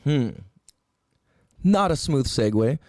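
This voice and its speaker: A man's voice: medium pitch, slow, dry recording, studio quality. A man hosting a solo podcast, ranting in a profane, rambling way with lots of emphatic rhetorical questions. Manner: profane, animated, rambling rant. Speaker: podcast host.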